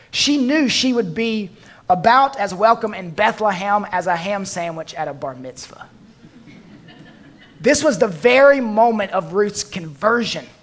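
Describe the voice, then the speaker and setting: A pastor preaching a sermon, slowing down and dropping his voice softly for emphasis, with dry touches of humor. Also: high voice.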